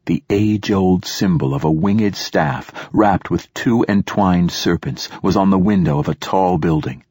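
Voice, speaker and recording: A man narrating an audiobook in a steady, even storytelling manner. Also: deep voice, a little slow, slightly rough, no echo, studio quality. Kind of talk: scripted narration.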